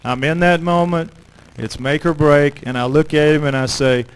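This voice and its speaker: Middle-aged guy telling a story, kinda high voice, lively with pauses for effect. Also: poor audio. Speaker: author and lecturer. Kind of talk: storytelling to an audience.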